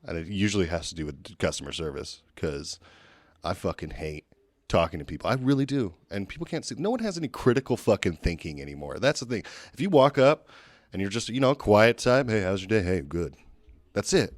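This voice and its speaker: A man's voice: fairly low pitch, very animated, a little fast, dry recording. A young man co-hosting a casual podcast, blunt and argumentative, swearing as he makes his points. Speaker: podcast co-host.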